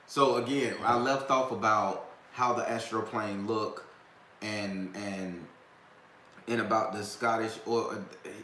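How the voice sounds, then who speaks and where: A talk-stream host rambles casually through a long personal story for his viewers, full of restarts and slang. His voice is lowish and a bit bright, recorded in an echoey room with faint background noise.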